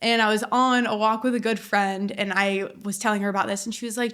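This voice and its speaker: A woman's voice: medium pitch, steady tone, quick pace, fairly bright tone, smooth. A young woman talks through her story on a casual interview podcast. She is chatty and loose, scatters "like" through every sentence, and laughs easily between thoughts. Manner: chatty storyteller, heavy use of "like", laughs often. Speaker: guest chef.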